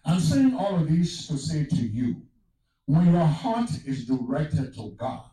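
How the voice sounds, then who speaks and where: A man's voice: on the high side, sing-song, a little slow, mellow, heavy reverb, recorded from a distance, poor audio. A man from Africa telling a personal testimony as a sermon, mixing storytelling with exclamations of praise. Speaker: preacher.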